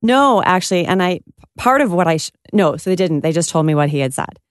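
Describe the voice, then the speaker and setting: A woman's voice: on the low side, lively intonation, brisk, no echo, clean studio sound. A woman giving candid, reflective answers in an interview, thinking aloud as she goes. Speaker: interviewed politician.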